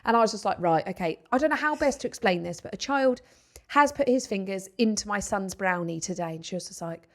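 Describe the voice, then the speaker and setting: A pregnant woman hosting a podcast in casual chat, telling a story with animation and softly acting out her son's lines. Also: mid-range voice, animated, fairly quick. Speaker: podcast host.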